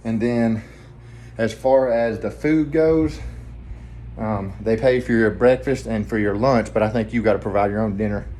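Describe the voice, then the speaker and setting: A man with a Southern US accent, talking quietly and rambling in a casual vlog from a hotel room. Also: fairly low pitch, normal speed, slight background noise. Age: adult, family man with kids. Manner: rambling, hushed so neighbors won't hear. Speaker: vlogger, trucking trainee.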